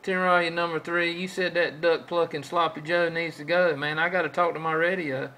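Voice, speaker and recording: A man's voice: fairly high pitch, steady tone, a little fast, bright, forceful tone, slight background noise, low-quality recording. A man trading folksy CB radio chatter with other operators, drawing out his calls and repeating his stock phrases.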